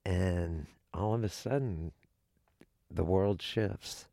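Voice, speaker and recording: Podcast co-host, male, deep gravelly voice, unhurried and measured. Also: dark tone, no echo, clean studio sound. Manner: slow, deliberate and instructive. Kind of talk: casual podcast chat.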